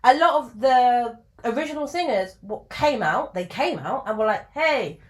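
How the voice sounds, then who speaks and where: A woman telling a story to camera in a casual, chatty way, full of fillers and asides, her pitch jumping up for emphasis. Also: normal speed. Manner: chatty and animated, with sudden jumps in pitch for emphasis. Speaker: video creator.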